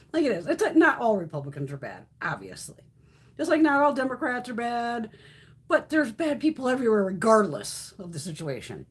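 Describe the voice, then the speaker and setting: A woman's voice: on the high side, wildly swooping pitch, normal speed, husky. A woman hosting a casual live stream, ranting bluntly and profanely, reacting to chat comments as she goes. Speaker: beauty livestream host.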